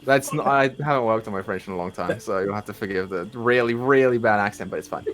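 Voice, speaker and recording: A man narrating as dungeon master, relaxed and hesitant, with fillers between lines. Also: on the low side, fast talker. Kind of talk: narrating a tabletop game.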